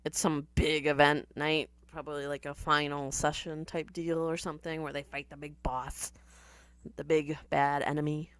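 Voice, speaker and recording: Low smooth woman reacting to a show, dry snarky chatter, dead dry room. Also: flat delivery, moderate pace, no room sound. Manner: sardonic, chatty, laughs often. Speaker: reaction commentator. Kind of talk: casual reaction commentary.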